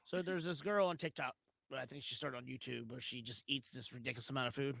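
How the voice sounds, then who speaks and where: A man with a gravelly, fry-heavy voice, speaking in a laid-back mumble as he introduces clips. His sound is dry and close to the mic. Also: mid-range voice, steady tone, fast, bright, forceful tone, no echo. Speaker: podcast co-host. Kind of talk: casual chat.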